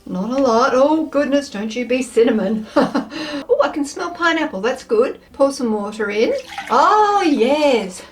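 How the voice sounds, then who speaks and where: A woman with a slightly high, lively voice talks casually to camera as she tries one snack after another. She is expressive and playful, narrating every thought as it comes. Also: unhurried. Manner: chatty, expressive, thinks aloud; playful, with frequent laughs. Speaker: food taste-test vlogger. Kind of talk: casual chatty taste test.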